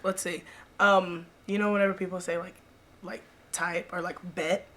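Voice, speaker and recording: A woman's voice: fairly low pitch, level tone, moderate pace, fairly bright tone, slight background noise. A young woman hosting a casual podcast chat, curious and upbeat, asking questions and laughing easily. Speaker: podcast host.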